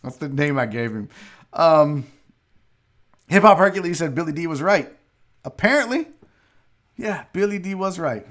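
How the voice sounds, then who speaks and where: A man hosting a loose, joking sports talk show. His voice sits high for a man and lands in quick asides. He drops into an exaggerated Southern drawl for a laugh now and then. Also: animated. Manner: loose, joking, reads chat messages aloud; slips into a put-on Southern gentleman drawl. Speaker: sports radio host. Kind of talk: live sports talk show, casual chat.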